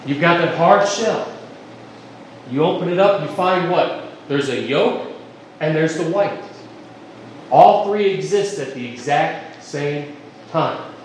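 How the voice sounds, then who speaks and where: A man's voice: fairly high pitch, expressive, slow, pauses often, slight background noise. A man preaching a sermon as pastor, folksy and emphatic, joking with the congregation. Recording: echoey room, mic at a distance.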